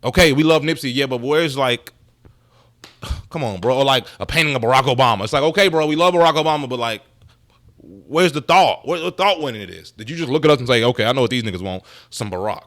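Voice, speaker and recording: A man talks loosely through his own commentary, joking, swearing and wandering into side stories. The sound is dry and close, with no room echo. His pitch sits at an ordinary male middle. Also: expressive, brisk, a bit bright. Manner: joking, profane, rambling asides. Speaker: commentary channel host. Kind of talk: casual commentary.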